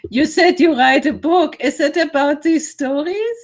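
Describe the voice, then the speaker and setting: A woman's voice: sits high, unhurried. Encouraging woman interviewer. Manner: encouraging, asks gentle questions. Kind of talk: casual interview.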